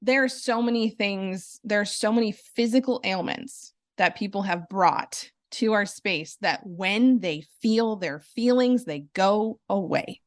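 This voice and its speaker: A woman hosting a podcast, talking in a casual, animated and earnest way, with quick asides as she explains. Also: mid-range voice, dry recording. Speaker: podcast host.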